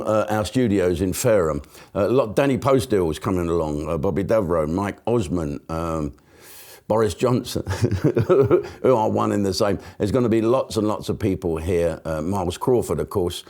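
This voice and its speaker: A man with a fairly low voice hosts a live comedy stream. He rambles from one aside to the next, chatty and sweary, and breaks into laughter at his own jokes. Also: a little mellow. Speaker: host. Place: broadcast studio.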